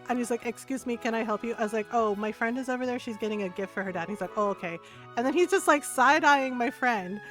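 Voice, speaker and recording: Animated middle-aged woman streamer telling stories. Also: on the high side, fast, soft background music. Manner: animated, acts out quoted people with lots of "like". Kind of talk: casual storytelling while streaming a game.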